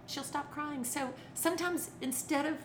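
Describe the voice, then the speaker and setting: Speaking at normal speed in a high-sitting voice, a middle-aged children's entertainer and author chats expressively, playing out quoted lines and laughing frequently as she tells her stories. Background noise is audible.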